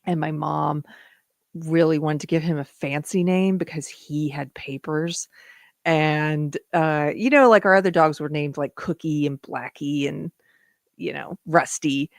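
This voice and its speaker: A woman's voice: low-pitched, a little slow, vocal fry, no echo, clean studio sound. A woman from the southern United States hosting a livestream, chatting casually, laughing often and talking to her dog. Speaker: livestream host. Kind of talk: casual livestream chat reading viewer comments.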